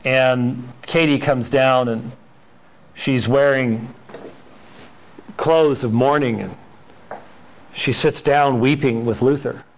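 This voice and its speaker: A man's voice: medium pitch, fairly even intonation, takes it slowly, long pauses. A man teaching a Sunday school church history class in an emphatic, conversational way, often repeating words.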